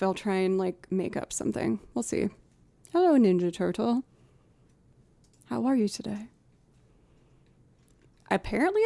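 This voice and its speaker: A woman's voice: mid-range voice, vocal fry, dark tone, no echo. A woman streaming live, chatting casually and thinking aloud while she sets up music loops, humming and scatting rhythms as she goes.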